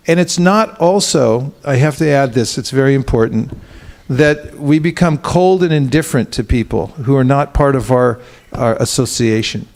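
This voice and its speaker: A man giving a sermon as a spiritual teacher, speaking conversationally with frequent fillers and stories. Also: on the high side. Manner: conversational, storytelling with filler words.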